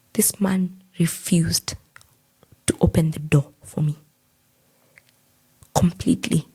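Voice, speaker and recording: A young Kenyan woman with a low, husky, gravelly voice tells a personal story on a podcast. Her tone stays dark and mellow. She acts out each person's quoted lines as she goes. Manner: recounts events by acting out quoted dialogue. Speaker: podcast guest.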